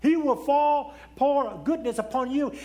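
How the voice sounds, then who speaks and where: A man preaching a sermon in non-native English, swinging between raised exclamations and hushed, low pleading. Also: a little slow.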